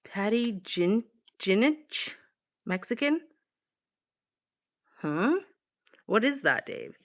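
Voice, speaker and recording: A woman's voice: medium pitch, sing-song, extremely slow. A young woman with a Boston accent, chatting casually on a live stream, swearing freely and answering her chat. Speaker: livestream host. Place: home, on a couch with a blanket.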